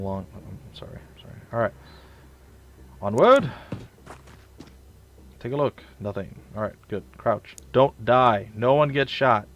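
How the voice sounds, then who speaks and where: A young man casually commenting on his own gameplay, chatty and self-mocking, with sudden loud outbursts. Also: fairly low pitch, a little hiss or hum. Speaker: let's play gamer.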